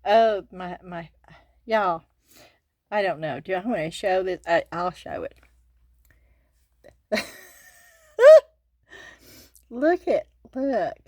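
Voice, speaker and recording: An older Southern woman chats through a craft unboxing, giggling and calling her viewers y'all. She talks at an unhurried, drawn-out pace. The sound is close and dry, with no room around it. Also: fairly low pitch, no echo. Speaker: craft channel host. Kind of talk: casual unboxing chat.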